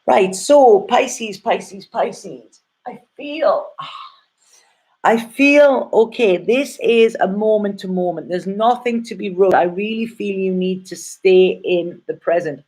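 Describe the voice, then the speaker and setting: A middle-aged woman talks through a tarot reading in a loose, meandering way. Her voice sits at an ordinary middle pitch. She keeps checking in with her listeners as she goes. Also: slow, a little mellow, husky. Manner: rambling and heartfelt, checking in with "okay?". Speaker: tarot reader. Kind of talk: casual spoken tarot reading.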